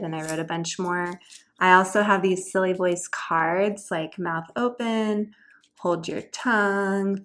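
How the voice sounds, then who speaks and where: A woman's voice: mid-range voice, a bit bright. A woman homeschool tutor chattily explaining classroom games and activities, now and then singing short learning songs.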